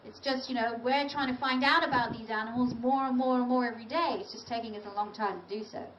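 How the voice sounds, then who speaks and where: High-voiced woman lecturing in an echoey hall. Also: steady tone, quick pace. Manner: chatty, direct, emphatic. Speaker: dog trainer giving a lecture. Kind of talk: live lecture to an audience. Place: large event venue. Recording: roomy, distant, dull audio with faint noise.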